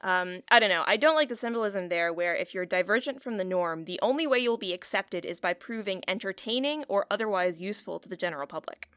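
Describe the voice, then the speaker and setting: A woman's voice: mid-range voice, lively intonation, quick pace, hardly any pauses, fairly bright tone, smooth, no room sound. A woman co-hosting a podcast in casual chat, rambling and giggly with a taste for puns. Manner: giggly, rambling, pun-loving. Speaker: podcast co-host.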